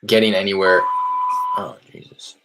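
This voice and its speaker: A man casually explaining how he makes cold calls, in a loose, rambling way with many fillers, from a small warm room. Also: low voice, fairly even intonation, moderate pace, vocal fry, background noise. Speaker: real estate wholesaler teaching cold calling. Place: small hot indoor room.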